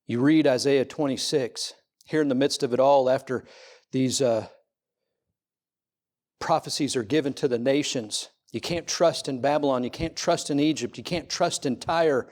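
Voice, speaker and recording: A middle-aged male pastor preaching a sermon at a church service. He uses repeated rhetorical questions and swings between loud, ringing lines and hushed ones. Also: mid-range voice, normal speed.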